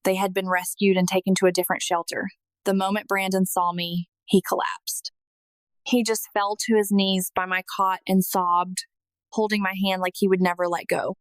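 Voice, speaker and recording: A woman narrating a scripted first-person testimony in a slow, emotional, earnest manner. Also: mid-range voice, level tone, no room sound.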